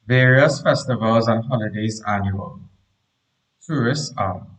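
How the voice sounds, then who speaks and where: A man teaches a live online grammar lesson to primary pupils. He reads each sentence aloud, repeats it slowly and explains the corrections while talking to the chat. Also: medium pitch, a bit bright, rough recording.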